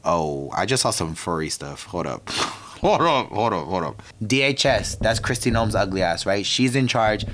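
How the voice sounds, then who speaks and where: A man's voice: lowish voice, animated, normal speed, a bit bright, a little hiss or hum. A young man from the DC area hosting a podcast, telling a story in a sassy, profane, tangent-prone rant. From DMV area, US. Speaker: podcast host.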